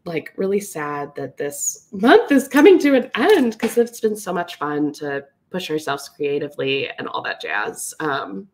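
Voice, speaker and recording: A woman's voice: low-pitched, big pitch swings, unhurried, hardly any pauses, a little hiss or hum. A woman teaching a live watercolor class, chatty and upbeat, with lots of fillers. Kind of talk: live painting tutorial.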